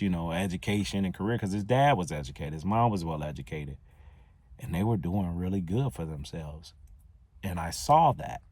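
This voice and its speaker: A man hosting a solo podcast, telling a personal story in a casual, conversational, animated way. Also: low-pitched. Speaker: podcast host.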